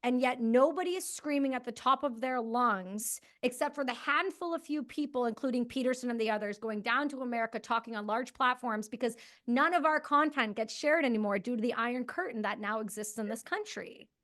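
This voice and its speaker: Canadian woman podcast host, high voice, blunt and impassioned interviewer. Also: a little fast, hardly any pauses, a bit bright. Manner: blunt, impassioned, swears freely. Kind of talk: conversational interview.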